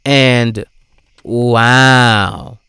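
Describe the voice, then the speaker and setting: A man giving casual commentary in a profane, animated way, swinging between loud outbursts and low asides. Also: drawn-out words, clean tone, no echo, clean studio sound. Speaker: vlogger.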